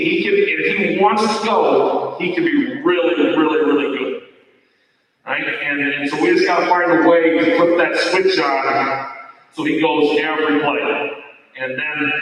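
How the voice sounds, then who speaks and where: A middle-aged football coach speaks at a team awards night in a fairly high voice, folksy and rambling, with plenty of fillers and restarts. He is picked up from across a large hall, so his voice booms and trails off in a long echo. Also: fairly bright tone. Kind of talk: end-of-season awards speech. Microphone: far from the microphone. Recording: echoey hall from far off.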